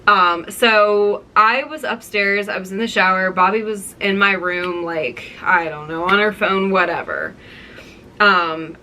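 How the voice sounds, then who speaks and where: A woman's voice: medium pitch, pushed and bright. A young woman telling a casual story time to her viewers, chatty and full of likes and ums. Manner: chatty, many fillers and likes. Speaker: vlogger.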